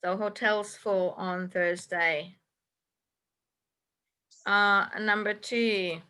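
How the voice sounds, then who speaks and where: A woman's voice: mid-range voice, steady tone, very slow, bright, forceful tone, smooth. A woman teaching a classroom English lesson, patiently checking answers one by one and repeating them. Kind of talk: classroom instruction.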